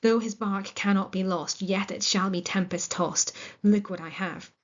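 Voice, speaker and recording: A woman's voice: medium pitch, fairly even intonation, moderate pace, lightly acted. A woman reading as a vengeful old witch. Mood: reciting. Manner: recites verse lines plainly. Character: vengeful old female witch casting curses. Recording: muffled lo-fi recording.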